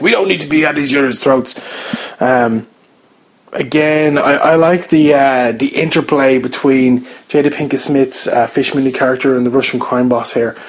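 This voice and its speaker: A man's voice: medium pitch, moderate pace. A man casually reviewing a TV episode, rambling with many fillers and restarts as he gives his opinions.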